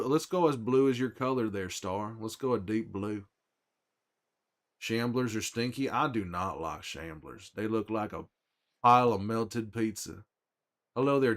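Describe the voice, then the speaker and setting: A man's voice: lowish voice, lightly acted. A man playing a weary middle-aged male survivor in character on a livestream, with a put-on drawl and a folksy, chatty way of talking to viewers. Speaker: streamer in character.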